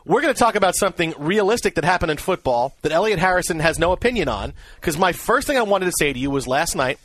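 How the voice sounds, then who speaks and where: A man's voice: high voice, dry recording. A man co-hosting a sports radio show, telling stories energetically and teasing his co-hosts in a studio. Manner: energetic, rapid storytelling, teasing. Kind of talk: casual sports radio chat.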